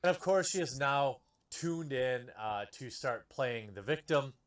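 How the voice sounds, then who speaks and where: A man's voice: medium pitch, expressive, unhurried. A man in a played video, giving scripted news-style commentary with a sarcastic edge. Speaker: YouTube commentator.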